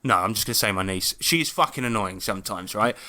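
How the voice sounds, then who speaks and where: A man with a bright, forceful voice chats on a gaming podcast. He tells stories animatedly, laughing and swearing as he goes. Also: fairly low pitch, quick pace. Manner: animated storyteller, swears freely, laughs often. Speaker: podcast co-host and game master. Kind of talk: casual chat.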